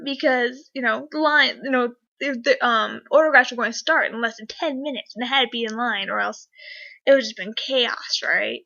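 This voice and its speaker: Young woman vlogger, bright and fairly high voice, rambling, excitable delivery, lo-fi sound. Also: normal speed, creaky. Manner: rambling, filler-heavy, excitable. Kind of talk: casual storytelling to camera. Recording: dull lo-fi webcam audio.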